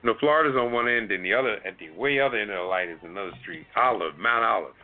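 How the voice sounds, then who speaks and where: A man's voice: on the low side, fast talker, soft background music. A man co-hosting a casual chat show, talking in a loose, rambling way with many restarts. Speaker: co-host. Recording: tinny phone-like sound.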